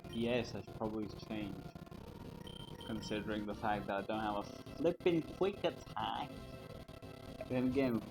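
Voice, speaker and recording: Mumbling male game streamer. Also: on the low side. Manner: mumbling, self-deprecating, talking to himself. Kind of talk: casual gameplay commentary.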